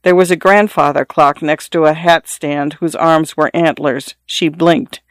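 Guy narrating an audiobook, kinda high voice, dry close sound. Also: steady tone, a little slow, no room sound.

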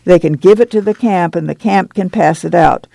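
A reader voicing a fierce, hoarse, proud woman in a folksy rural dialect. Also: on the low side, moderate pace, dark tone, no room sound.

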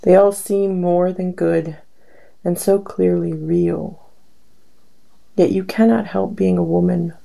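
Slow gravelly woman reading poems. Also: fairly low pitch, fairly even intonation, warm tone, low-quality recording. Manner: slow, measured recitation with pauses. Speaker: poetry reader.

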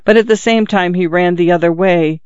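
A man reading a literary story aloud in a measured, steady way. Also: high voice, clear, resonant tone, dry recording. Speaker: narrator. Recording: dull, dry, slightly lo-fi recording.

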